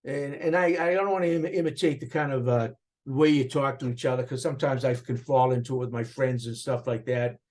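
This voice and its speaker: An older man speaks in a thick Boston accent, animated and expressive as he reminisces in an interview. His mid-pitched voice wanders through restarts and asides. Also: a little fast. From Boston area, USA. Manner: animated, talks with his hands, rambling restarts. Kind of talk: reflective interview recollection.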